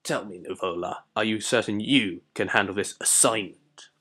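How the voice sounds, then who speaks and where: A man voicing a haughty, scornful old sorcerer in a video game, speaking in a slow, pompous and disdainful way. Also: fairly low pitch, pushed and bright, slightly rough. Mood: scheming. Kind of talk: amateur voice acting over a video game.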